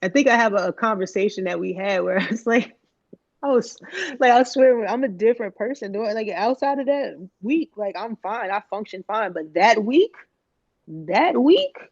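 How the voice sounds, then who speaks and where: A woman co-host chatting loosely on a podcast, full of slang and swearing, wandering through her points. Her voice sits mid-pitched, recorded close and dry with a slightly muffled, lo-fi tone. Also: lively intonation, normal speed, darkish tone, no room sound. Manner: slangy, profane, rambling with frequent laughter. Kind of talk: casual chat.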